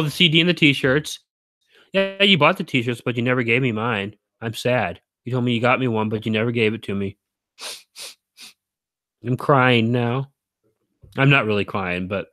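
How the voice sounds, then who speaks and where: A man's voice: medium pitch, fairly bright tone, dry recording. Rambling man chatting with viewers. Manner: rambling, self-correcting, chuckles often. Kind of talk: casual livestream chat.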